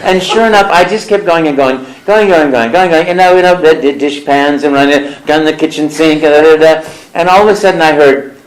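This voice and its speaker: A man being interviewed as a voice actor, telling stories in an animated way and slipping into character voices. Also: fairly high pitch, fairly quick, echoey room, a little hiss or hum, rough recording. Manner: lively storyteller who slips into character voices. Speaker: voice actor guest. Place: convention interview room.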